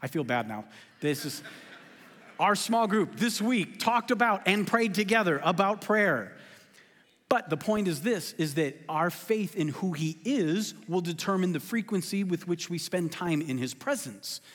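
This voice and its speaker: A male pastor with a drawl delivers a lively, joking sermon, often at his own expense. His voice sits high for a man, and a long hall reverb trails every phrase through the sanctuary. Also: measured pace. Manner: animated, joking, self-deprecating. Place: church sanctuary.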